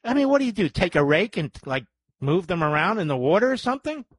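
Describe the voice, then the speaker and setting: A man's voice: high voice, very animated, fast talker, slightly rough, no echo. A man hosting a talk radio show, ranting sarcastically and firing off mocking, incredulous questions.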